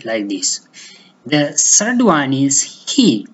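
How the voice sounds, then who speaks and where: Male language tutor, mid pitch, slow and halting, repeats each word, dull lo-fi sound. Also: big pitch swings, a bit bright, slightly rough. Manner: slow, deliberate, repeats words, many hesitations. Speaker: language teacher. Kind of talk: language lesson.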